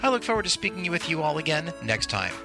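Gravelly male host over music. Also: on the high side, big pitch swings, fast talker. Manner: smooth, reading out web addresses. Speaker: radio show host. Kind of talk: scripted show sign-off. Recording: outro with music behind.

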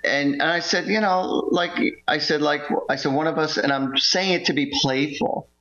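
A man with a voice a bit higher than most men tells a personal story as a guest in a conversation. He rambles, circles back and restarts his sentences. The recording is muffled and lo-fi. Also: moderate pace, sharp tone. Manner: rambling, repeats himself and restarts lines. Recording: muffled lo-fi audio.

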